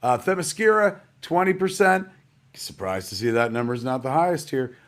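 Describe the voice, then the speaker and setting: A man's voice: medium pitch, very animated, normal speed, a bit bright. Rambling, jokey middle-aged man hosting. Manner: rambling, jokey, calls everyone "man" and "kids". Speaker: live-stream host. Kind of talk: casual live-stream hosting. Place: at home.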